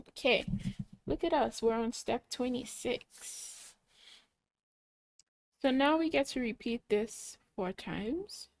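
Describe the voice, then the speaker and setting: A young woman slowly talking kids through a coding puzzle, muttering each step and cheering when it works. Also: on the high side, no room sound, low-quality recording. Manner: cheerful, muttering steps aloud, excited yays. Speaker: coding club instructor. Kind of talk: slow think-aloud coding walkthrough for kids.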